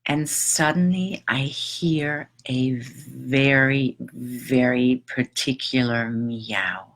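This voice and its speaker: A middle-aged woman telling a personal story in a reflective, halting, emotional way, with long pauses. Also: very deep voice, a bit bright. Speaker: transformational teacher.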